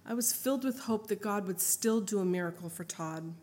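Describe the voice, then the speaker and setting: Middle-aged woman, mom telling her family story, earnest and heartfelt, mid-pitched voice. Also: fairly quick, darkish tone. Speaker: mother sharing her testimony. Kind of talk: reading a memoir aloud, then telling a story off-script.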